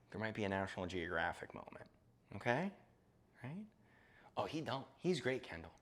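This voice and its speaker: On a laid-back gardening live stream, a chatty man from Florida cracks jokes and talks to his cat as he goes. He sounds relaxed and playful, his pitch rising and falling a lot at a moderate pace with frequent pauses.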